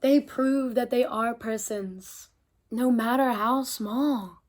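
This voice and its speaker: A woman reading a children's picture book aloud, animated and expressive as she stops to chat with her young listeners. Her voice is high and her delivery is slow and deliberate. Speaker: storyteller.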